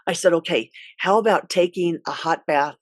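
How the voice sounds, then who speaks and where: Woman, middle-aged, school counselor, earnest, halting, restarts often, dry close sound. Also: fairly low pitch, no room sound. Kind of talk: personal storytelling.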